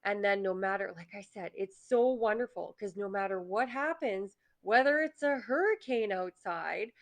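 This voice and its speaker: Chatty woman giving a motivational talk. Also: mid-range voice. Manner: chatty, acts out her own inner voice in quick asides. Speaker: host.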